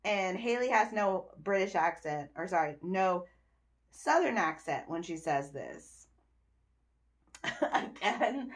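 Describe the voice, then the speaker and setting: A young woman hosting a podcast, recapping a TV episode in casual chat, animated and exasperated, with cursing and laughter. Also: lowish voice, slow pace, pauses often. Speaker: podcast host reviewing a TV episode.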